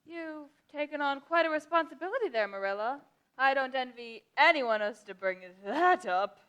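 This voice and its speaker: A woman's voice: high voice, animated, normal speed, fairly bright tone, lo-fi sound. A woman playing a nosy, blunt middle-aged village busybody with a tactless, gossipy manner, in a live stage musical. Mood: indignant. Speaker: stage actor in a youth musical.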